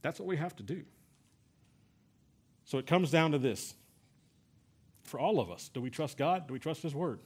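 A man's voice: fairly high pitch, lively intonation, normal speed, long pauses, breathy edge. A middle-aged man from Texas preaching a sermon, telling a personal story in a conversational way with many fillers and restarts. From San Antonio, Texas. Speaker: pastor.

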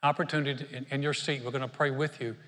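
A man's voice: medium pitch, flat delivery, racing, bright, forceful tone, big-room sound. An older man preaching a sermon to a congregation, earnest and conversational, often restarting his words. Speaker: pastor. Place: auditorium.

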